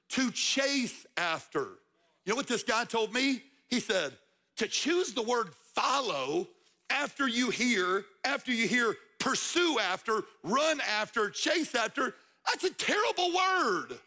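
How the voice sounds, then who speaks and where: Bright-voiced high man preaching. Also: big pitch swings, slow. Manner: conversational, emphatic, repeats words for stress. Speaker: guest preacher, football coach. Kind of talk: sermon. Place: church.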